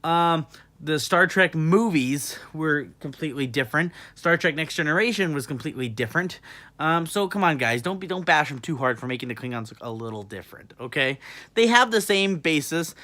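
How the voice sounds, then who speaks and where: A man's voice: a little high, bright, forceful tone. An English-born man with a New York-tinged American accent, chatting casually as a vlogger, rambling with lots of fillers and cheerful swearing. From England. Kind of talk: casual chat.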